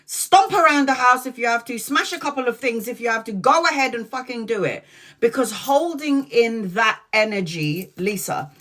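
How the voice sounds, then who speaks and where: A woman's voice: a little high, fairly bright tone. A woman in her forties hosts a casual tarot live stream. She talks frankly and chattily, drops swear words without a second thought, and keeps calling out her viewers by name. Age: 40s.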